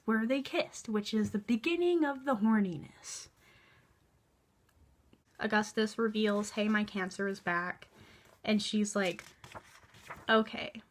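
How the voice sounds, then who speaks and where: A woman's voice: on the high side, unhurried, long pauses. A young woman in her early twenties giving a chatty, sarcastic book review, exasperated and full of filler words. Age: young adult. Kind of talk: casual vlog review.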